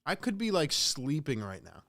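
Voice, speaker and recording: A man's voice: on the high side, huge pitch swings, moderate pace, a bit bright. A man hosting a live play-by-play reaction stream, calling the game casually and venting in exasperation while he talks to his chat.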